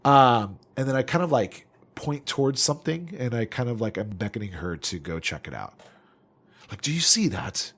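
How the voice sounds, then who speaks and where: A man at a tabletop role-playing game, explaining his moves to the game master. His voice is husky, and his pitch leaps around animatedly while he hedges with likes and kind ofs. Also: lively intonation, moderate pace, hardly any pauses, a bit bright. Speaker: player.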